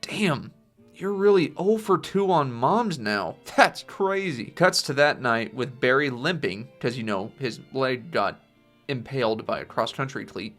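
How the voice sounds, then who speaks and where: A man reading out a film pitch scene by scene, with casual asides. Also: bright, forceful tone. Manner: plain storytelling with casual asides. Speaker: channel host pitching a film.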